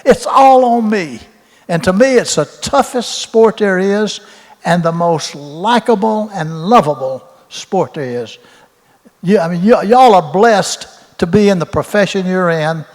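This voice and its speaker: A man's voice: high-pitched, lively intonation, a little slow. A man, a retired football coach telling rambling, folksy stories and repeating his words at a Q&A. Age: 80s. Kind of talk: storytelling in a Q&A. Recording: roomy hall reverb.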